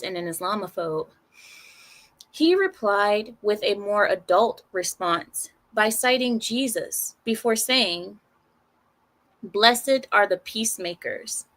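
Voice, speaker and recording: A woman of Arab heritage giving casual news commentary, sarcastic and animated, with rambling restarts. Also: mid-range voice. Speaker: commentary channel host.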